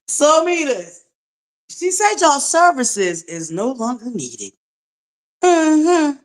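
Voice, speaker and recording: A woman hosts a live commentary chat, sassy, mocking and profane. Her voice sits a little high and swoops with lively pitch. She drawls slowly and lets every jab land. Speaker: commentary channel host.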